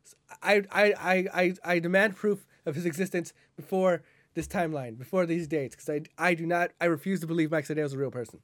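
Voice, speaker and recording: A man's voice: on the high side, fairly quick, a bit bright, no echo. A man co-hosting a wrestling podcast, ranting in casual chat, profane and rambling with frequent restarts.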